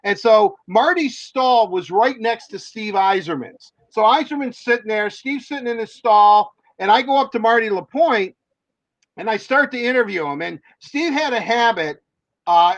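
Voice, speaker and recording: A man's voice: high-pitched, animated, normal speed, no room sound, dull audio. A man, a hockey reporter, telling long rambling stories in casual chat, with many fillers and restarts.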